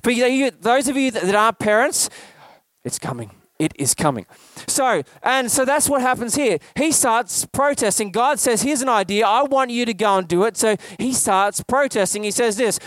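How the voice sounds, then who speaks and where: A man's voice: extremely high pitch, lively intonation, moderate pace, fairly bright tone, dry recording. A man preaching a sermon in a conversational way, asking the congregation questions. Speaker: pastor.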